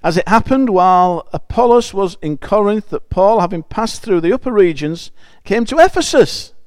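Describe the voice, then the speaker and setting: A man preaching with a high, smooth voice. He talks in a chatty, emphatic way as he reads scripture aloud and explains it. The sound is close and dry. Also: animated, normal speed, dry recording. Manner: chatty and emphatic, with frequent restarts. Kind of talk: conversational sermon with scripture reading.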